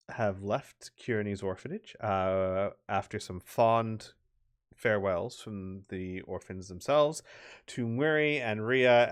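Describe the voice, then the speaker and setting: A man narrating as game master for a tabletop game, relaxed and chatty, with many fillers and laughs. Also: on the low side.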